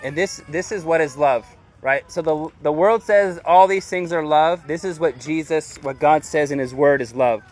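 A man's voice: a little high, moderate pace, hardly any pauses, darkish tone, a little hiss or hum. A man preaching a sermon in a loose, chatty way, full of "like" and "dude". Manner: informal and chatty, heavy use of "like" and "dude". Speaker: pastor. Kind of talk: casual conversational sermon.

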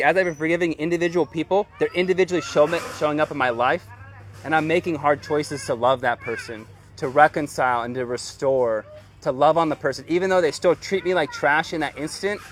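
A man's voice: fairly high pitch, brisk. A man preaching a sermon as pastor, earnest and conversational, with casual slang.

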